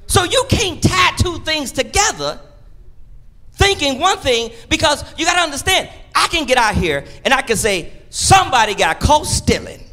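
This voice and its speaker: A man preaching a sermon in church, in a call-and-response style that swings between shouts and quiet asides. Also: extremely high pitch, very animated, moderate pace. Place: church sanctuary.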